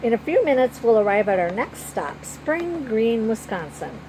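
A woman's voice: fairly high pitch, sing-song, moderate pace, slight background noise, low-quality recording. A woman voicing a nun chaperone who addresses a group of orphaned children in a storybook reading. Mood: reassuring. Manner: addresses children warmly and brightly. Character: kindly nun chaperone, adult woman, reassuring.

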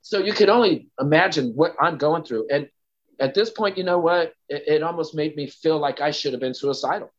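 Rambling man, slightly high voice. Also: normal speed, lo-fi sound. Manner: rambling, full of "you know" and "like". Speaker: interview guest. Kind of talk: candid personal storytelling.

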